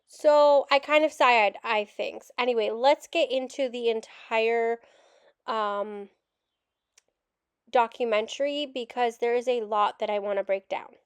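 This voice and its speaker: A woman with a high voice rants in frustration as she reacts to a documentary, cursing without apology. Her sound is dry and close to the mic, with no room around it. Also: fairly even intonation, a little slow, clear, resonant tone, dry recording. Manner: frustrated, ranting, swears openly. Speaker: adoptee commentator. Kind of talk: reaction rant video.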